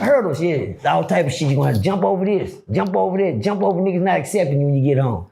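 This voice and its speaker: A middle-aged man telling a story casually, profane and animated, acting out the dialogue. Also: on the high side, fast talker, vocal fry, few pauses. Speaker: guest storyteller.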